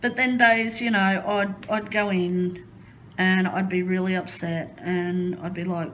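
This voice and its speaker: A woman's voice: medium pitch, steady tone, a little slow, slight background noise, rough recording. A woman chatting casually while crafting at home, rambling and hesitant with many ums. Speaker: crafting vlogger.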